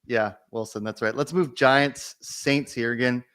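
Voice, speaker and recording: A man's voice: mid-range voice, steady tone, a little slow, a bit bright. A man hosting a casual sports betting chat, easygoing as he runs the round-table. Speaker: host.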